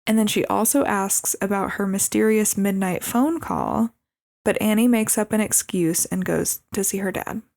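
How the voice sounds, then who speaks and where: Young woman co-host, mid pitch, fry, dry close mic, easygoing. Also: no room sound. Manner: relaxed, agreeable, quick short replies. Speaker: podcast co-host. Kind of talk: casual movie recap chat.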